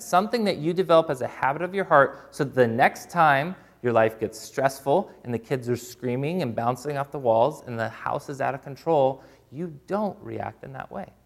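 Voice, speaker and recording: Guy preaching a sermon like he's just talking, middle pitch, goes quiet when acting out prayers. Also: animated, a little fast, hardly any pauses. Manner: acts out quoted prayers, voice dropping soft for them; plain, informal, with repeated restarts. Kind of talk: conversational sermon.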